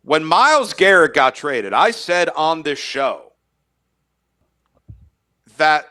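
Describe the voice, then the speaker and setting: A man holds forth on a casual sports talk podcast, his voice bright and forceful and sitting a little high. He repeats words as he builds his argument and chuckles at his own bold calls. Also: big pitch swings, slow.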